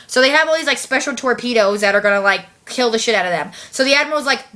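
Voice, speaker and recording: Woman vlogger, bright higher voice, slangy casual movie recap. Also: lively intonation, fast, few pauses. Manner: chatty, slangy, heavy use of "like", swears.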